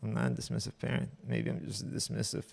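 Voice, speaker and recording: A man's voice: fairly low pitch, level tone, fast talker, vocal fry. A man streaming himself reading online posts aloud and reacting with profane, exasperated commentary.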